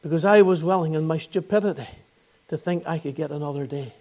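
High-voiced Northern Irish preacher. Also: male voice, a little fast, darkish tone. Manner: earnest storytelling, rising to fervent appeals. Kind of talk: gospel sermon testimony.

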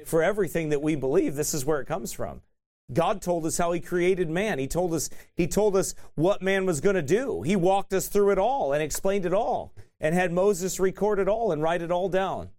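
A man preaching, slightly higher than the usual male voice. He teaches in an easygoing, conversational way, throwing frequent "right?" asides to the room and chuckling at his own lines. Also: animated, moderate pace, darkish tone. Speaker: pastor. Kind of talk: sermon teaching.

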